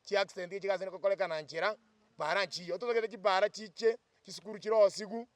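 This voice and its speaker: A man with a Kenyan accent gives a forceful political speech to the press. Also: high voice, steady tone, fast talker. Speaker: youth speaker at a press briefing. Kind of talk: political speech in a local language.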